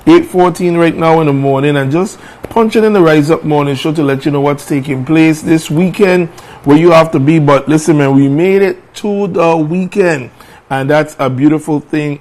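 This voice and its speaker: A man's voice: a little high, moderate pace, darkish tone. A man hosting a morning talk show, chatting casually, repeating phrases and letting them trail off.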